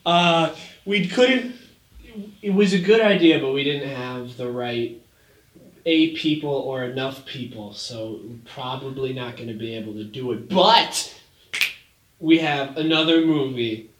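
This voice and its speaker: A man's voice: medium pitch, unhurried, distant mic. A man co-hosting a casual podcast, jokey and laughing often, stumbling over repeated words. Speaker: podcast co-host. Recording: echoey room, off-mic.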